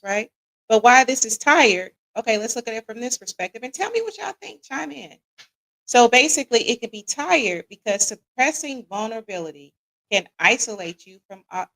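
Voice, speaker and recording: A woman with hosts a live stream, keeps checking in with her audience, and reacts to their comments. Her voice is a little high, bright and forceful, with a gravelly fry running through it. She sounds relaxed and conversational. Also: rough recording. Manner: casual and conversational, often asks the audience "what y'all think"; reads audience comments aloud and laughs along. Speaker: host.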